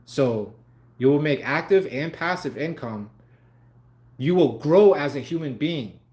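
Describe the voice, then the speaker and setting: A man's voice: a little high, expressive, a little slow, a little mellow. A young man on a livestream talking casually and animatedly, swearing freely and laughing often. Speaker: live stream host.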